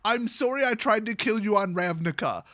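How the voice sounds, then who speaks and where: A man's voice: high-pitched, animated, moderate pace, bright, forceful tone, voice pushed up. A man voicing a gushing, emotional female gorgon assassin in a mocking, exaggerated way.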